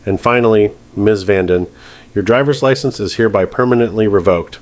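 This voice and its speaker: A man voicing a stern judge who speaks in a calm, measured, precise way. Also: lowish voice, close to an everyday voice. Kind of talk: scripted narration.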